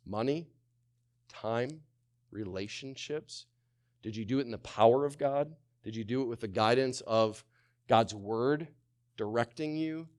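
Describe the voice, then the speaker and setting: This pastor's sermon comes in a mid-range voice at a slightly slow pace, alternating between loud and quiet. He asks lots of rhetorical questions and calls for answers from the congregation.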